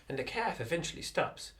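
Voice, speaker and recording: A man's voice: a little high, fairly bright tone. A man with an Irish accent telling a comic yarn in a chatty, digressive way. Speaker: storyteller.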